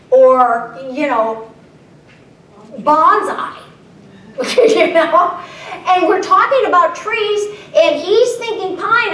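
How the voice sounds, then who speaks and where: A woman's voice: high voice, fairly bright tone, distant mic. A woman keynote speaker presenting live to an audience, playful and often asking the room questions. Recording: echoey room, voice a little off-mic.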